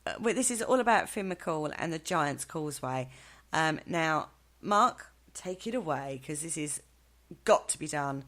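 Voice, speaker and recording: A woman's voice: low voice, lively intonation, a little slow, a bit bright. A female co-host chatting on a live show, giggly and enthusiastic.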